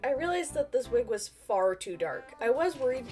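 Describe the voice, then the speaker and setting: A woman's voice: fairly high pitch, sing-song, moderate pace, darkish tone, soft background music. A young woman chatting casually as she works, giggling and poking fun at herself. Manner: chatty, self-deprecating, giggly asides. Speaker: cosplay vlogger. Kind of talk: casual tutorial narration.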